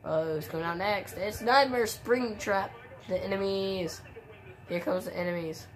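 A woman giving casual play-by-play commentary on a wrestling video game, with excitable exclamations and sudden shrieks. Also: mid-range voice, measured pace. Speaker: gameplay commentator.

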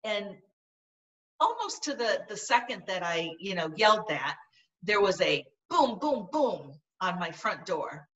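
A woman's voice: medium pitch, very animated, measured pace, a bit bright, far from the mic, dull audio. A woman guest in an interview, telling a personal story in an earnest, vivid way. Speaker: podcast guest.

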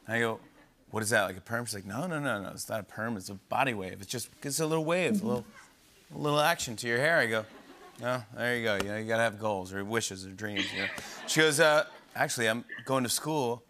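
A man hosting a late-night talk show, telling a story in a playful, animated way with frequent laughs. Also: mid-range voice, fast talker. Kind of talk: casual interview storytelling. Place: television studio.

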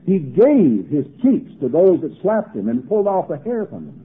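A preacher with a slightly husky voice delivers a sermon, reading scripture dramatically and pressing rhetorical questions. His pitch swings widely as he preaches. The sound is narrow and tinny, like an old 1980s broadcast recording. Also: wildly swooping pitch, normal speed.

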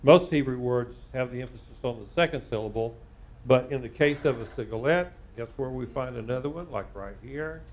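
A man teaching a live Torah class as a rabbi, reading Hebrew word by word and translating it with frequent pauses. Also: medium pitch. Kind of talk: live Bible study lesson.

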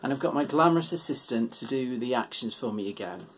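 A man leading children's worship, reading a picture book aloud in a relaxed, gentle, self-deprecating way. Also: mid-range voice, fast talker, soft background music.

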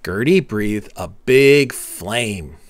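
A man reading a children's storybook aloud in a soft, unhurried narrating voice. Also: fairly low pitch, animated, no echo. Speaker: storybook reader.

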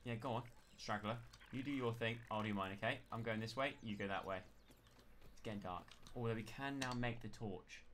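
A man with a West Country accent giving live, chatty commentary as he plays a game, narrating every move and breaking into panicked yells when things go wrong. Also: on the low side, a little fast. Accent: West Country English. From West Country of England. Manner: chatty self-narration, bursts into panicked yelling. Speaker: game streamer. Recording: steady background noise under the voice.

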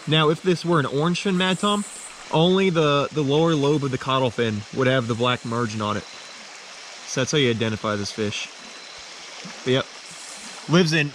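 A man narrating his night fishing at a stream, excitable and rambling, full of fillers. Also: medium pitch, slight background noise. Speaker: fishing vlogger. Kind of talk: casual outdoor narration.

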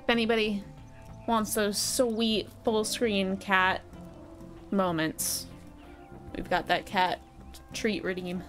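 A woman's voice: mid-range voice, level tone, slow, pauses often, fairly bright tone. Chatty woman streamer with faint music. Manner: chatty, talks to her cat and chat in a cooing voice. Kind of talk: casual live game commentary.

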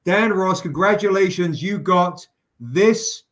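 A man's voice: sits high, slow, a bit bright. A man hosting a live stream, chatting casually with fillers, jokes and the odd swear word. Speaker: livestream host running a crowdfunding campaign.

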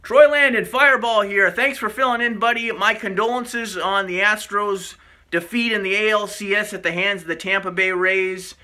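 A man hosting a comic vlog sketch in a mock-serious, fatherly tone. His voice is high and very bright, with a sharp edge. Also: fairly even intonation, moderate pace. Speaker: vlog host.

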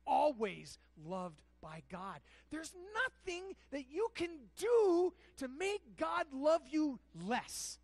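A pastor preaching a sermon, moving between hushed, quiet passages and shouted, impassioned ones. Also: high-pitched, big pitch swings, slow pace, few pauses, no echo, poor audio.

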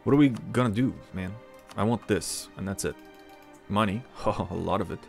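A man with a low, gravelly voice talks through a strategy game in a casual, chatty way. He mutters to himself, then breaks into excitable outbursts. Soft music plays faintly underneath. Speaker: strategy game let's-player. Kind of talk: casual gameplay commentary.

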